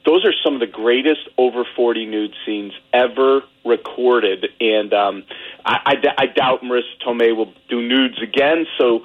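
A man calls in to a radio show, and his voice comes through a narrow, tinny phone line. He talks in a halting way, with plenty of pauses and restarts. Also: medium pitch. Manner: hesitant, with many fillers and restarts. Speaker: guest on the phone. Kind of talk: casual interview chat.

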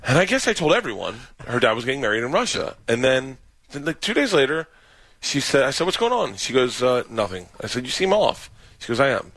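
A man's voice: mid-range voice, fast talker, no room sound. A man telling stories in casual radio chat, acting out quotes and laughing often. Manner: animated storyteller, acts out quotes, laughs often. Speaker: comedian guest.

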